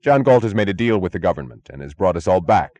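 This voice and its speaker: A calm, cold man who gives orders without raising his voice, as a male audiobook reader plays him. His voice sits very deep and hard, in a dry, close recording. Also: fast talker, no room sound, lo-fi sound. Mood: cold command. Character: cold, commanding male rescuer. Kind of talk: audiobook character voice.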